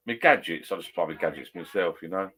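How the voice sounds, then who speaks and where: Bloke, lowish voice, chatty and rambling, casual pub-style banter from a garden shed bar. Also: male voice, quick pace, a bit bright. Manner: chatty, rambling, self-correcting. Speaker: vlogger chatting with live viewers.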